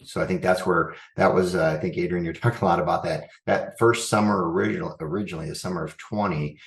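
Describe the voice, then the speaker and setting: Man in an echoey room, low voice, earnest guest who thinks out loud. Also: fairly even intonation, fast. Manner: earnest, thinks aloud with frequent restarts. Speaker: school superintendent guest. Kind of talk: reflective interview answers.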